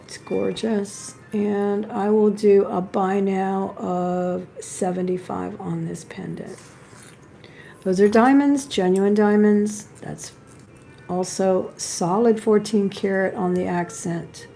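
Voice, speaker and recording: Woman, live jewelry seller, gravelly voice, mellow tone, chatty and admiring. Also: medium pitch, fairly even intonation, takes it slowly, faint music behind. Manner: chatty, admiring, talks while handling pieces. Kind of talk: live sale chat.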